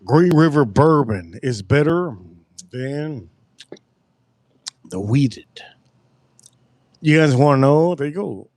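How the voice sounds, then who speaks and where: A man hosting a casual livestream, rambling through stories loudly and with lots of swearing. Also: a little high, lively intonation, takes it slowly, pauses often, no room sound. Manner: rambling storytelling, loud and profane. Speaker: livestream host.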